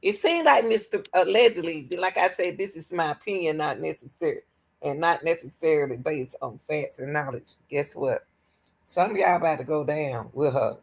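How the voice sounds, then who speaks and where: A woman hosting a reaction commentary vlog who talks straight to her viewers, repeats herself when worked up and drops from emphatic bursts to low muttering. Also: normal speed, gravelly, poor audio. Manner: animated and exasperated, addresses viewers as y'all, restarts and repeats herself. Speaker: reaction channel host.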